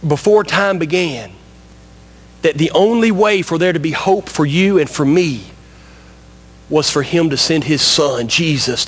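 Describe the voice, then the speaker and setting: A man preaching in a church, emphatic and repetitive, speaking straight to his listeners as friends. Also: on the high side. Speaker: pastor. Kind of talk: sermon.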